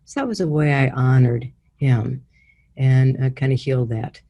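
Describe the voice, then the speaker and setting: A woman leading a guided healing exercise over a video call, giving slow, soothing instructions. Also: extremely low pitch, steady tone, warm tone. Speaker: guided healing session leader.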